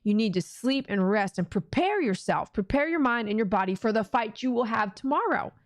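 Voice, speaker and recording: A woman's voice: fairly high pitch, lively intonation, fairly quick, no echo, clean studio sound. A middle-aged woman with a Texan accent, hosting a casual live-stream prayer session and chatting with viewers. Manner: chatty, talks to viewers and acts out her own inner voice. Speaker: livestream prayer host.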